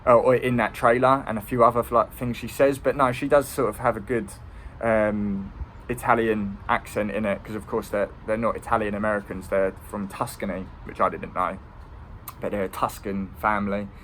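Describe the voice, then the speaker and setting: A man's voice: lowish voice, little pitch movement, moderate pace, a bit bright, a little hiss or hum. A man giving a casual, rambling film review. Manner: rambling, with many ums and restarts.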